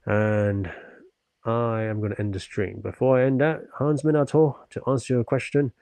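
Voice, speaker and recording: A man's voice: mid-range voice, little pitch movement, normal speed, vocal fry, darkish tone, no room sound. A man from the UK chatting on his livestream, answering viewers politely and earnestly after a stretching session. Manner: polite and earnest, often thankful; talks while stretching and working out.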